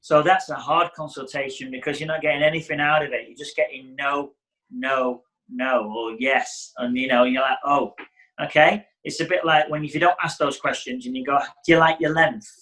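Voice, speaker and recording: A man's voice: mid-range voice, fairly even intonation, a little fast, pushed and bright, low-quality recording. A middle-aged man, a hairdressing educator giving a casual teaching talk and acting out client exchanges. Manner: chatty, acts out client dialogue.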